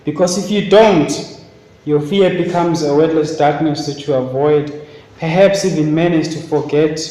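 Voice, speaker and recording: Casual: guy teaching english lit, bit high pitched, reads bits out then asks the class stuff, echoey classroom. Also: darkish tone. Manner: reads passages aloud, then questions the class. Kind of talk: classroom literature lesson. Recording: echoey classroom, faint hiss.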